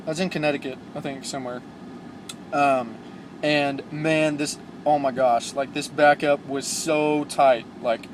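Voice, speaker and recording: A young man, a new truck driver, telling stories in a casual, rambling vlog, full of fillers and excited asides. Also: a little high, background noise.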